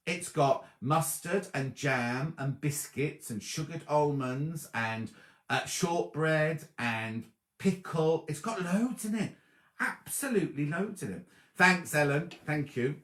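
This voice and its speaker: A man's voice: on the high side, slow. Chatty man, echoey room. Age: 50s. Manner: chatty, animated, thanks viewers by name. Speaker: host of a sewing livestream. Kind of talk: casual chat reading viewer comments. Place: home room before a dark wall.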